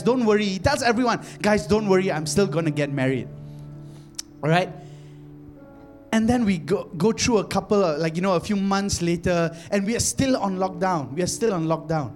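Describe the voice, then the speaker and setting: A man from Malaysia preaching a sermon, telling an animated story with many repeated phrases that builds to fervent exclamations. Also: high voice. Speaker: pastor.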